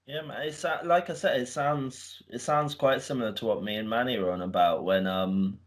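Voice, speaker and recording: A young man co-hosting a podcast, chatting in a relaxed, hesitant way with fillers. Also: mid-range voice, normal speed. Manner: relaxed, hesitant, short agreeing replies. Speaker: podcast co-host. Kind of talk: casual chat.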